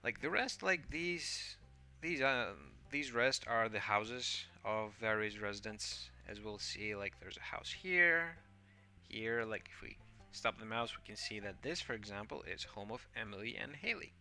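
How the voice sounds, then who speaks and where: A man's voice: on the low side, animated, measured pace, sharp tone, soft background music. A man giving casual game commentary in a rambling, hesitant and playful way, with a habit of saying "like". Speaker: gameplay host.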